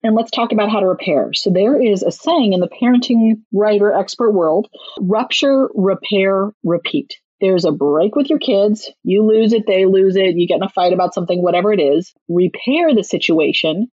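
A woman parenting author and clinical social worker giving casual advice in an interview, animated and slipping into quick acted-out lines of parents and kids. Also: medium pitch, no echo, dull audio.

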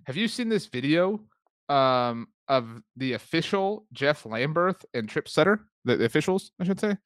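A man co-hosting a sports podcast in casual chat, talking loosely with many fillers and quick laughs. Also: fairly high pitch, sing-song, clear, resonant tone, no room sound, studio quality. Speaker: podcast co-host.

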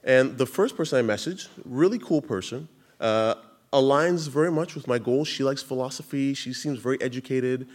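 A man telling a personal story on stage, animated, laughing through his lines and acting out what others said. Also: medium pitch, normal speed. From Canada. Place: live stage event.

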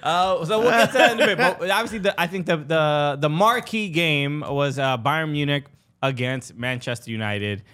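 A man's voice: fairly high pitch, moderate pace, sharp tone. A man co-hosting a sports podcast in a casual chat, laughing often and filling with "uh" and restarts. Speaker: podcast co-host.

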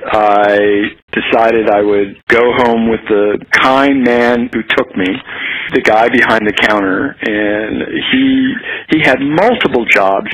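An American man telling a frank personal story as a guest, animated and laughing often. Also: medium pitch, low-quality recording. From United States. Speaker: guest, activist. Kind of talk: candid storytelling in conversation.

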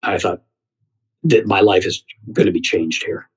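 A middle-aged man from the United States, a theater critic, telling anecdotes in conversation in an animated way, often repeating words. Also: low voice, measured pace, breathy edge, low-quality recording.

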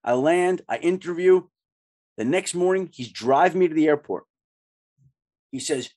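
50s guy hosting, tells his own stories back, pretty high voice, lively. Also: normal speed, pauses often. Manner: animated, relating stories to guest. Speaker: podcast host, former sportswriter. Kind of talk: casual interview chat.

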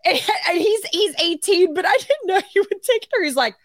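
A woman's voice: moderate pace, no echo, clean studio sound. A woman in her forties co-hosting a podcast, telling a family story in casual chat and acting out everyone's lines. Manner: animated storyteller, acts out quotes with big pitch jumps. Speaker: podcast co-host.

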